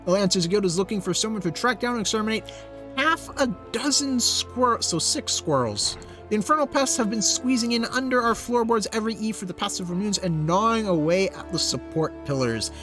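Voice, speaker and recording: A man's voice: expressive, a little fast, music in the background. Game NPC: pompous guild official, looks down on you, voiced by a man. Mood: condescending. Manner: pompous, lofty, swinging pitch.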